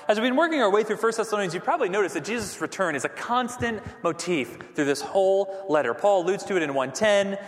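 A man preaching a sermon as pastor, animated, dropping to near whispers for emphasis. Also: high voice, in a large hall.

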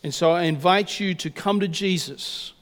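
A man preaching a sermon and leading a communion prayer, earnest and measured, slowing down to stress key words. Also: sits high. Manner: earnest, measured, slows for emphasis. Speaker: pastor. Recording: long reverb of a church hall.

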